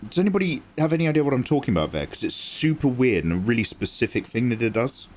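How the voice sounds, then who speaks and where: On a drawing livestream, a young man from England talks fast and very animatedly in a mid-range, slightly mellow voice. He chats casually, picks up and answers messages from viewers, and explains each step of his work.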